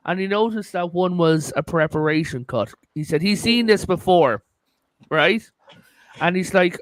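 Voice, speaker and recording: Storytelling podcast man, smooth clear voice. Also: high voice, expressive, a little slow, dry recording. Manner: storytelling, swears, rambling. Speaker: podcast host. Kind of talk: casual chat.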